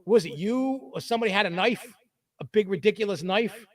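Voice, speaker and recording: Animated high-voiced man, set back from mic. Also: fairly quick, recorded from a distance. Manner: animated storyteller, acts out quotes in a lower voice. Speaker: podcast host. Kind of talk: casual chat, telling stories.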